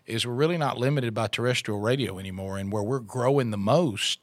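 A man's voice: medium pitch, fairly quick, dry recording. A middle-aged man, a radio co-host telling his story in an interview, rambling with restarts and fillers.

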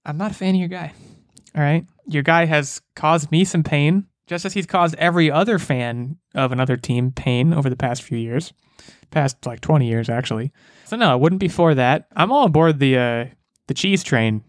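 Smooth-voiced man hosting a casual podcast. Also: a little high, normal speed, dry recording, studio quality. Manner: animated, joking and rambling. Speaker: podcast host.

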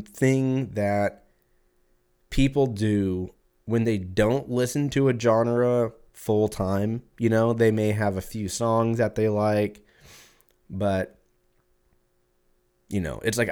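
His voice is lowish with a darkish tone as he hosts a podcast. He tells a meandering story laced with swearing, in an offhand way, voicing the other characters' lines himself.

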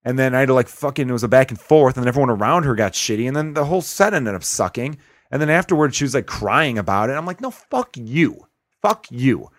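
A man's voice: mid-range voice, expressive, fast, no echo. Brief: thirties male comic, podcast host, ranting and swearing, dry close mic. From Chicago. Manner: profane, ranting storyteller. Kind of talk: casual podcast chat.

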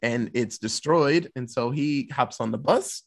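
A man's voice: medium pitch, unhurried, creaky. A man casually retelling a movie plot for a podcast, loose and profane, slipping into the characters' lines. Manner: loose, profane storytelling with acted-out quotes. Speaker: podcast co-host.

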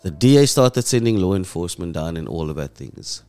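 A man with a South African accent hosting an emotional commentary monologue, impassioned and dropping low and soft when moved. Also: lively intonation, brisk, soft background music. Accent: South African English. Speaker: host.

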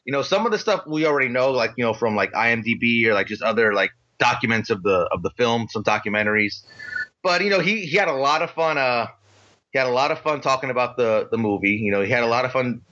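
A man co-hosting a podcast, telling an animated story in a casual, excitable, slangy way. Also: medium pitch, quick pace, dull audio. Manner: excitable, slangy, retells with quoted voices. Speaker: podcast co-host.

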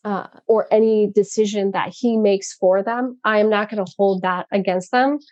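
A woman's voice: medium pitch, fairly even intonation, moderate pace, darkish tone, no room sound, highs cut off. A middle-aged woman talking casually on a call, earnest and reflective, laughing now and then as she tells her story. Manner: earnest, reflective, laughs often, acts out quotes. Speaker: program participant sharing her story.

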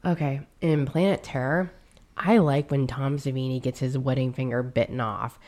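A woman's voice: a bass voice, steady tone, moderate pace, darkish tone. A woman co-hosting a horror movie podcast in casual chat, adding dry, teasing remarks. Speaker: podcast co-host.

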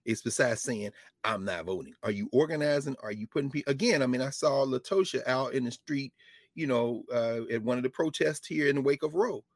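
A middle-aged man, a professor talking politics in an impassioned, preachy way, with mocking quotes and bursts of shouting. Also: medium pitch, brisk, no room sound, clean studio sound. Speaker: professor and show co-host.

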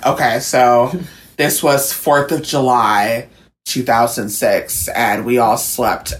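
Woman, podcast co-host, casual chat, very deep, slow delivery.

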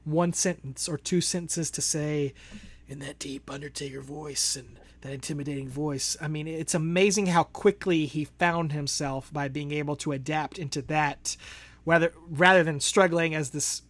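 A man's voice: a little high, steady tone, normal speed. A man co-hosting a podcast in casual chat, rambling and laughing often. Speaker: podcast co-host.

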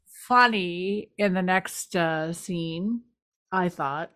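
A woman's voice: fairly low pitch, very slow, no echo, studio quality. A woman co-hosting a podcast, chatting casually and animatedly as she recaps a TV episode. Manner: chatty, animated retelling with playful voices. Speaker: podcast co-host.

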